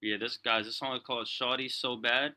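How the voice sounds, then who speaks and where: A man's voice: medium pitch, level tone, brisk, sharp tone. A man hosting a music review show, chatting casually and calling everyone "bro". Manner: laid-back, peppers talk with "bro". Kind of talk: casual slangy chat.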